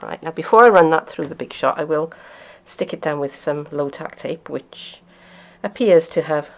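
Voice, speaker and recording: A woman demonstrating card-making, chatting and thinking aloud as she works, sometimes dropping to a quiet mutter. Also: sits low, moderate pace. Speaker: craft demonstrator.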